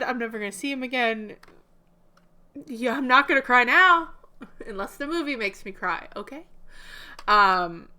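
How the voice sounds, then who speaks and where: A woman's voice: a little high, sharp tone, clear, resonant tone. A young woman hosting a movie reaction, chatting casually to her viewers in a slightly subdued way.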